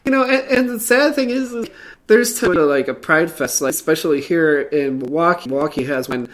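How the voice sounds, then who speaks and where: A woman's voice: sits low, moderate pace. A woman hosting a casual talk show, speaking earnestly and hesitantly, with frequent fillers and restarts. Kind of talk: casual podcast chat.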